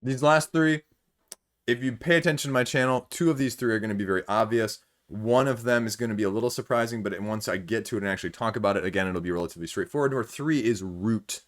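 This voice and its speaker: Host, male, Michigan Midwestern accent, lowish voice, rambling and thinking out loud to camera. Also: fast talker. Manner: rambling, thinking aloud with many fillers. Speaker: board game channel host. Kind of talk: casual talk to camera.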